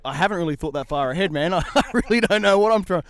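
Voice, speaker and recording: Laid-back man with a smooth, higher voice. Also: animated, racing, no echo. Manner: laid-back, self-mocking. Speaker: shooting competitor. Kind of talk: casual interview answers.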